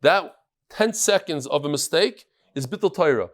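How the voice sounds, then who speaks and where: A man with a voice on the high side leads a daily Talmud class at a moderate pace. His style is casual and lively, blending English with Hebrew, Aramaic and Yiddish terms and telling stories in quoted voices.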